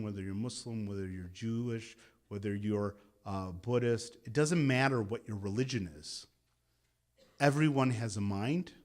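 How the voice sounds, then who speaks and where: At an interfaith gathering, a man in his thirties who teaches meditation guides a meditation talk and leads call-and-response chants with the group. His voice is mid-range and a little mellow.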